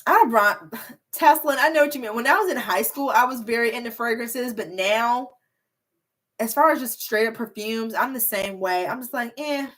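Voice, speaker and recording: A woman's voice: a little high, moderate pace, a bit bright. A young woman YouTuber chatting casually on a livestream, reading viewer comments in a bubbly, rambling way with plenty of filler words. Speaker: beauty and hair YouTuber.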